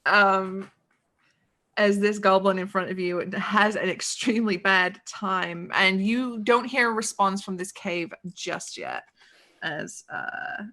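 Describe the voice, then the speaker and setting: Woman, game master, bright voice, casual swearing, lots of ums. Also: medium pitch, slow pace. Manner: upbeat, swears freely, many ums. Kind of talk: narrating a tabletop game.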